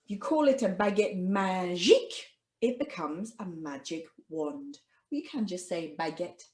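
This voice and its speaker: A woman's voice: on the low side, darkish tone, reverberant. A woman teaching an online French lesson to children in a cheerful, sing-song manner. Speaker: language teacher.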